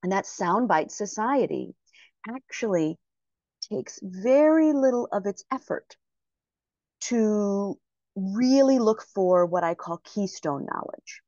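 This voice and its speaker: Deliberate woman giving a motivational talk. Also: mid-range voice, expressive, a little mellow, dry recording. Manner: slow, deliberate, repeats phrases for emphasis. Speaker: prosperity mindset speaker. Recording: dry, slightly muffled recording.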